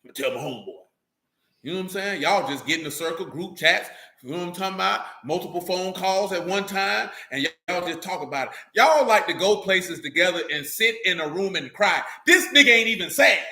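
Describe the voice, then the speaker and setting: A man's voice: high-pitched, lively intonation, brisk, sharp tone. A man leading a casual religious talk to a group, slangy and joking, with frequent asides. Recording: echoey room.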